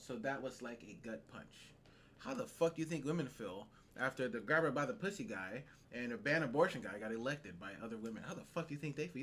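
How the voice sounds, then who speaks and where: A man's voice: sits high, fairly bright tone. A man co-hosting a podcast, ranting in heated, profane, incredulous bursts during casual talk. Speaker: podcast co-host.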